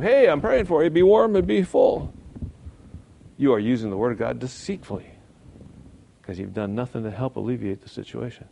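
A man leads a church class in a plain, conversational sermon. His voice carries a gravelly fry at mid pitch. He presses points hard, asks rhetorical questions and drops to quiet asides. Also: slight background noise. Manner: emphatic, rhetorical questions, swings from loud to quiet. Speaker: Bible class teacher.

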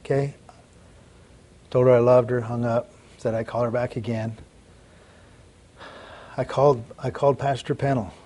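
A middle-aged man preaching a sermon, telling a personal story in an earnest way, repeating words and swinging between soft and loud. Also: mid-range voice, level tone, normal speed, long pauses.

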